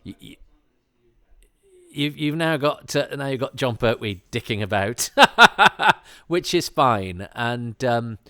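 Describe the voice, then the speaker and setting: A man's voice: medium pitch, expressive, slow pace, bright, forceful tone, no echo, studio quality. A man hosting a casual commentary while watching an episode, rambling and hesitant, with many fillers, restarts and wry chuckling asides. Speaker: podcast host.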